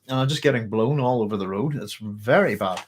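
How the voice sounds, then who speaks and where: A man's voice: mid-range voice, lively intonation, normal speed, a bit bright, slight background noise. Apologetic Northern Irish man, slightly breathless. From Northern Ireland. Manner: apologetic, chatty, self-interrupting. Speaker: book club host. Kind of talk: casual live-stream chat.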